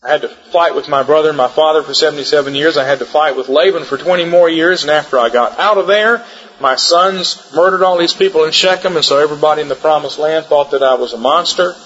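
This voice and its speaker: A man's voice: a little high, steady tone, fast talker, fairly bright tone, natural voice. A man voicing a weary aged patriarch who looks back on a hard life in plain first-person words. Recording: dull sound, long hall reverb.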